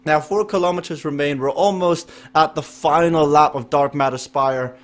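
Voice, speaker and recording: A fairly high-voiced man calls a live esports race with a lively, chatty delivery. He reacts fast to the action and banters with the viewers in the chat. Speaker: race commentator and stream host.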